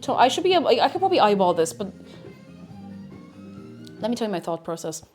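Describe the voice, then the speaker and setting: Rambling, animated woman streamer cooking. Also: medium pitch, quick pace, long pauses, faint music behind. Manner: rambling, self-mocking, talks to herself and chat. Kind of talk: casual live-stream chat while cooking. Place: home kitchen.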